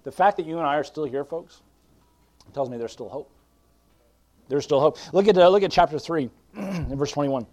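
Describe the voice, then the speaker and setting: A man's voice: fairly high pitch, normal speed, long pauses. A man preaching a sermon as pastor, pleading and fervent, quoting scripture, with frequent restarts and fillers. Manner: pleading, swings from hushed to loud fervent preaching.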